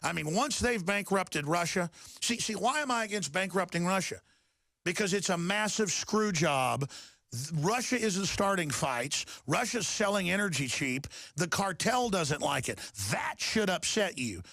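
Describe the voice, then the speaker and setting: A man's voice: high-pitched, unhurried, dry recording, clean studio sound. A middle-aged man, hosting a talk radio show in a heated, ranting monologue. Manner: impassioned, rising to shouting then calming.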